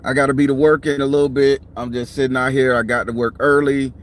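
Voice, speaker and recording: A man's voice: mid-range voice, little pitch movement, quick pace, slight background noise. A middle-aged man, a tarot reader, talks casually and bluntly from a parked car, tired and yawning, with plenty of profanity. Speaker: tarot reader and channel host. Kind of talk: casual talk to camera. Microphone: clip-on mic.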